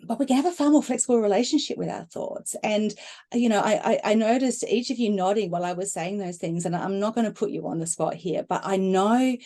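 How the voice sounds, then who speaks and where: Mellow-voiced woman, animated talker. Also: medium pitch, fairly quick. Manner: animated, acts out inner voices with laughter. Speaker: guest speaker on emotional healing. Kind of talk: conversational talk.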